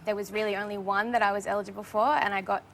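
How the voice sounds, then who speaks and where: A woman's voice: mid-range voice, little pitch movement, very fast, vocal fry, fairly bright tone, slight background noise. A woman in her thirties with an Australian accent, a quiz contestant chatting easily and laughing often. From New South Wales, Australia. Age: 30s. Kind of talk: casual chat.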